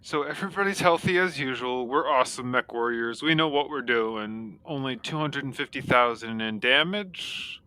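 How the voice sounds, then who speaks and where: A man giving casual, excitable gameplay commentary with many fillers. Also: medium pitch, normal speed, few pauses, smooth, no echo. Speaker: gameplay video creator. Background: loud game music.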